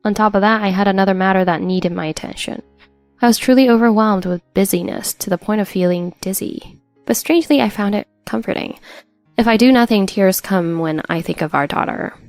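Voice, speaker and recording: A woman's voice: mid-range voice, brisk, a little mellow, no room sound, faint music behind. Woman narrating an emotional story, dry sound. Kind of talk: scripted first-person story narration.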